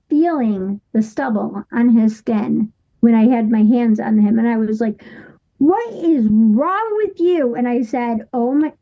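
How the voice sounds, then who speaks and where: A woman in her thirties, a guest on an interview show, telling a personal story in a halting way with many restarts and fillers. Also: sits high, narrow, tinny audio.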